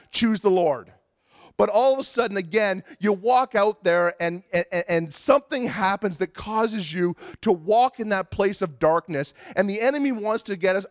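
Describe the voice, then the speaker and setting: A male pastor preaching with a high, bright-edged voice that rises to fervent shouting as he acts out his own prayers. The sound is dry and close, with no room around it. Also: no room sound. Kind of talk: sermon.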